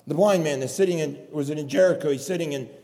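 A man's voice: on the high side, fast talker, gravelly, mellow. A man preaching a sermon in a church, pleading and impassioned, repeating his phrases for emphasis. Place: church hall. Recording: long hall reverb.

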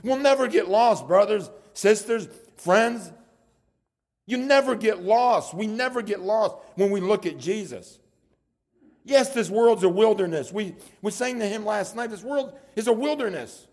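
High pitched guy preaching, earnest, keeps restarting his words. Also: expressive, unhurried, darkish tone. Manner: earnest, repeats words while building points. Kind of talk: sermon.

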